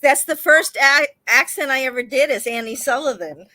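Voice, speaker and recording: A woman who directs plays, chatting in an interview and speaking in an unhurried, reflective way. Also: high voice, pushed and bright, dry recording. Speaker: stage director. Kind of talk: casual interview chat.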